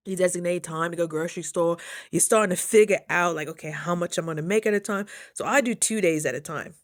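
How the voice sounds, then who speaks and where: A young woman talking casually in a motivational vlog, chatty and animated, jumping high when she quotes people. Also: fast talker. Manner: chews while talking at times. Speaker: vlogger.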